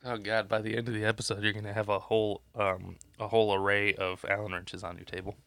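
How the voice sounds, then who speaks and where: Fighting a cold, a podcast co-host rambles and swears his way through casual conversation and keeps losing his train of thought. He speaks quickly with little pitch movement, in a fairly low, fairly bright voice with vocal fry. The podcast mic recording is dry.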